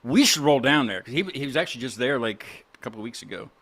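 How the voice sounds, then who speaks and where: Host, loose rambling talk, laughs and swears, mid-pitch man. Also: expressive, quick pace, a bit bright, breathy edge. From West Virginia. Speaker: podcast host. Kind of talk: casual chat.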